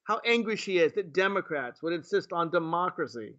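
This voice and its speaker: A man's voice: fairly high pitch, animated, fast talker, hardly any pauses, fairly bright tone, muffled recording. Sarcastic, indignant male talk host. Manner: sarcastic, indignant, rhetorical questions. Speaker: political talk show host. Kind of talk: political commentary monologue.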